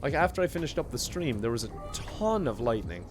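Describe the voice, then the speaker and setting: A man's voice: mid-range voice, sing-song, fairly quick, music in the background. A man chatting casually while streaming a game, laughing often and thanking viewers by name. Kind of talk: casual gaming livestream chat.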